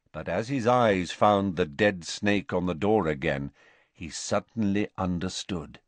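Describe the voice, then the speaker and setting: A man narrating an audiobook in a measured, expressive storytelling voice. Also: sits low, no room sound. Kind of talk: scripted narration.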